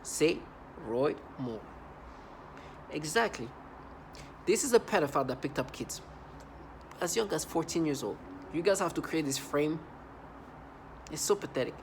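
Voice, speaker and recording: A man's voice: fairly high pitch, lively intonation, moderate pace, creaky, pauses often, slight background noise. A man vlogging an angry monologue, agitated and repetitive, often stumbling and restarting his sentences.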